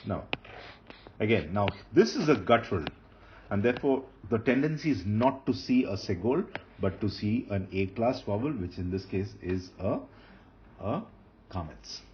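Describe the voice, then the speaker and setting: Speaking at normal speed in a fairly low, expressive voice, a man explains Hebrew grammar as he writes on a board. He patiently returns to key terms and begins phrases anew. The recording is lo-fi and dull, with faint noise.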